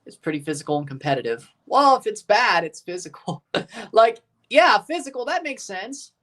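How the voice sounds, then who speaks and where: A man's voice: sits high, big pitch swings, normal speed, a bit bright. A man hosting a live match watchalong, chatting casually, rambling and answering his chat. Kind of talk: casual live reaction commentary.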